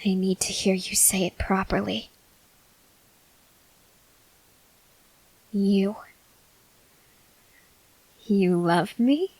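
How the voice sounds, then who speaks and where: Woman doing a creepy arrogant young cult boy, whispered role-play, super slow, dead dry mic. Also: medium pitch, no room sound, low-quality recording. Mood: intense. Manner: slow, intense, swings from whispers to sharp outbursts. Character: unhinged young male cult leader, arrogant and volatile. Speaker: ASMR voice actor.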